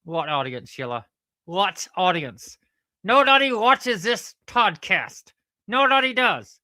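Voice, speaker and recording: A woman's voice: mid-range voice, very animated, slow, bright, forceful tone, no echo, full character voice. A woman voicing a crude, cheeky male platypus puppet in a ventriloquist comedy act, brash and teasing, always calling the host by name. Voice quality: brash, teasing, keeps saying the host's name.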